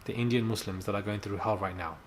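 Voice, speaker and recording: A man's voice: lowish voice, steady tone, quick pace, a little hiss or hum. A man ranting in an annoyed, heated commentary to his vlog audience, repeating himself with fillers. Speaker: vlogger.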